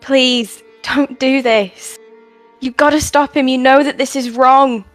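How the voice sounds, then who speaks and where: A woman's voice: on the high side, very slow, a bit bright, soft background music. A woman voicing a chained young warrior who earnestly pleads with her captors. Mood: pleading.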